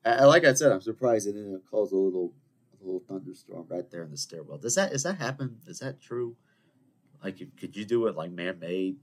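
Rambling, animated young man. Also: sits low, brisk, a little hiss or hum. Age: 20s. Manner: animated, rambling, self-mocking. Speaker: podcast host. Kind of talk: casual solo rambling chat.

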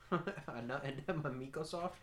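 A man's voice: mid-range voice, a little slow. A man co-hosting a casual podcast, chiming in with short interjections and dry quips. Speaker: podcast co-host. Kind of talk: casual crude banter.

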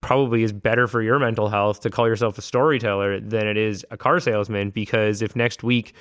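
Man, podcast co-host, lowish voice, smooth and clear, casual swearing. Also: steady tone, brisk, fairly bright tone. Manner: swears freely, thinks aloud with restarts. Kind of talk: casual chat.

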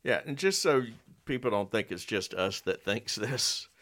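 A man's voice: lowish voice, expressive, a little slow, a bit bright. A man co-hosting a podcast about marriage ministry, talking casually with hesitant fillers. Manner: folksy, reads a quote aloud with hesitant fillers.

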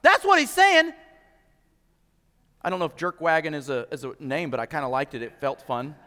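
A male pastor preaching a sermon in an animated way, acting out quotes and repeating words as he restarts. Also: fairly high pitch, moderate pace, big-room sound.

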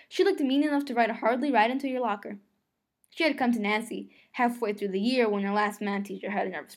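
A woman reading a novel aloud, telling the first-person story in a conversational way. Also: medium pitch. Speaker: reader.

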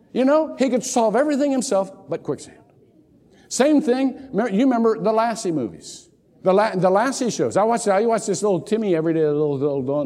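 An older man preaching a sermon as pastor, telling jokey stories with lots of repeated words. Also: high-pitched. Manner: animated storytelling, jokey asides, repeats words. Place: church sanctuary. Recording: long hall reverb.

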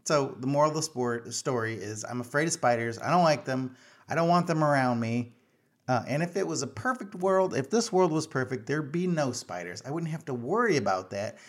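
A man's voice: medium pitch, lively intonation, a little fast. A middle-aged man, telling a personal story casually to his viewers, chatty and self-mocking, with many fillers and restarts. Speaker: vlogger.

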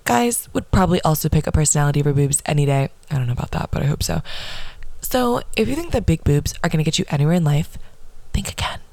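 A woman's voice: deep voice, expressive, fast talker, vocal fry, mellow, no echo. A young woman hosting a casual podcast, reading old posts aloud in a sassy, profane manner and laughing at her past self. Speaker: podcast host.

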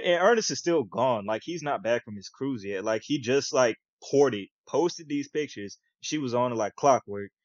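A young man co-hosting a podcast, telling a story in casual slangy chat and acting out the quotes. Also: no room sound. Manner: animated, acts out quotes with big pitch jumps, slangy. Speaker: podcast co-host. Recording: dull lo-fi podcast audio, dry.

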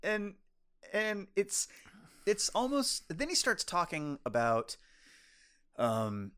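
A young adult man co-hosting a podcast, reacting in an animated, easily amused way in casual chat. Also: sits high, slow, clean tone. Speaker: podcast co-host.

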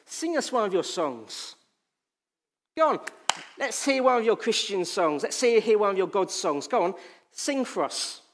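A man's voice: high voice, very animated, measured pace, noisy background, pitched above the performer's own voice. A man voicing mocking male captors who goad a captive believer to sing for them. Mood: taunting. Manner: mocking, goading.

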